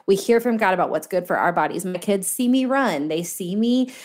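A woman's voice: medium pitch, lively intonation, a little fast, darkish tone. A woman in her thirties, a guest author talking in a faith-based podcast conversation, earnest and emphatic, repeating key points. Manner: earnest, preachy, emphatic repetition.

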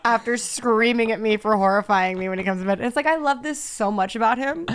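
A young adult woman co-hosting a podcast, telling stories in a casual, profane, animated way. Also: a little high, a little fast, clear, resonant tone. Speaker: podcast co-host. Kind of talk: casual chat.

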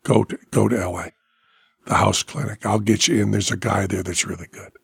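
A man voicing a stern, urgent middle-aged male doctor, speaking low, blunt and insistent. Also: steady tone, fairly quick, vocal fry, husky, no room sound, full character voice.

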